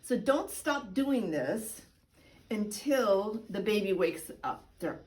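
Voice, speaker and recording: A woman midwife giving a chatty, playful instructional demonstration, sometimes dropping into high sing-song baby talk. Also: sing-song, slow, a little mellow, distant mic, low-quality recording. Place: indoor room. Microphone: camera mic.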